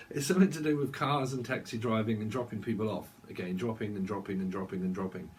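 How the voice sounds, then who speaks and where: A man's voice: lowish voice, steady tone, a little fast, a little hiss or hum. A man giving a channelled tarot reading, rambling and free-associating, laughing now and then. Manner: rambling, free-associating, sings snatches of songs. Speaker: tarot reader.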